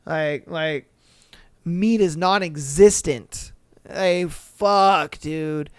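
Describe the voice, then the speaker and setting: Male podcast host, unhurried, clear smooth voice, loose profane reactions between readings. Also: fairly high pitch, no room sound, studio quality. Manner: laid-back, profane, joking asides. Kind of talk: reading listener stories aloud and reacting.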